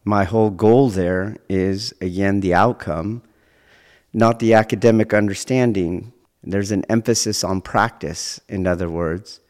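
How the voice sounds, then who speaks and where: A man with a very low voice gives a measured podcast monologue, choosing his words with care and restating each point in academic terms. His voice carries a long reverb, as if he were recorded in a large, roomy space. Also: a little mellow. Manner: deliberate, academic phrasing with frequent rephrasing. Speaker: martial arts teacher and podcast host.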